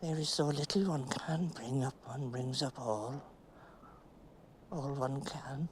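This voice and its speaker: Winnie, middle-aged woman stuck in a mound, low-voiced and unhurried, musing stage monologue. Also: a little hiss or hum. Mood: weary. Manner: musing, halting, sinking to near-whispers. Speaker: stage actress.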